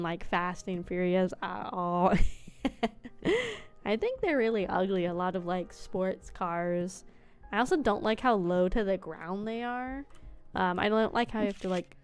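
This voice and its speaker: A woman's voice: medium pitch, clear, resonant tone. A woman VTuber streamer chatting casually while playing, rambling with lots of fillers, laughing often and swearing.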